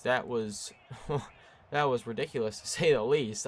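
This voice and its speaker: Young guy commentating his own football game, mid voice, gets hyped then annoyed and flat. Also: medium pitch, moderate pace. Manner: excited bursts between frustrated, flat stretches. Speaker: gaming YouTuber.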